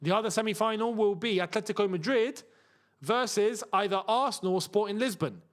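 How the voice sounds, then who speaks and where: A young man hosting a live football watchalong, reacting loudly to goals and bantering with his chat. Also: high voice, a little fast.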